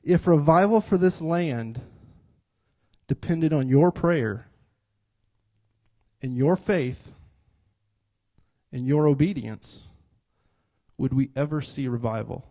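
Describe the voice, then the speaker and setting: This preacher's voice is fairly high yet dark in tone, and he speaks slowly with frequent pauses. He keeps his sermon interactive, joking, describing himself as a cut-up, and calling on the congregation to echo his lines.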